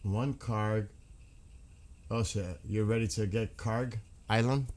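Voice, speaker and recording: Male streamer, low pitch, loose rambling chat with viewers, blunt and profane. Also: fairly even intonation, takes it slowly, a little mellow. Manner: rambling, frank, swears freely. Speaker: livestream host. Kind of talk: casual livestream chat.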